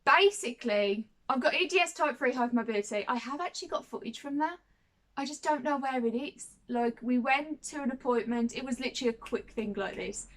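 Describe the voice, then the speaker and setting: A young woman in her twenties chats to camera in a casual vlog. Her voice sits a little high, and she rambles, circles back over her words and keeps checking in with her viewers. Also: brisk, fairly bright tone. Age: 20s. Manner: chatty and rambling, repeats herself, often says "you know what I mean". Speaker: vlogger.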